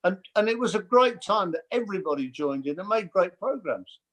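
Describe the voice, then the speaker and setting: An older man chatting as a guest, telling lively stories and mimicking voices. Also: sits high, a little fast. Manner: animated storyteller, mimics voices. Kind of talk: casual chat.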